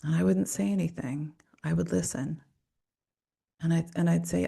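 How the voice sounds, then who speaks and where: A woman's voice: on the low side, fairly even intonation, moderate pace, creaky, long pauses, warm tone, husky. A woman hosting a podcast in a casual, rambling monologue, swearing and cutting herself off often. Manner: profane, rambling, self-interrupting. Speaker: podcast host.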